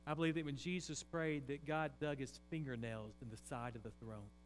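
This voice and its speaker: A man pastor preaching a sermon, swinging from a loud raised voice to quiet intensity. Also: mid-range voice, steady tone, a little fast, faint music behind. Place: church sanctuary. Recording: faint mains hum.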